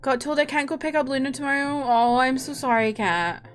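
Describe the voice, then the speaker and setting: A woman's voice: sits high, fairly quick, faint music behind. A tired young woman streamer chatting casually and rambling, often breaking into laughs.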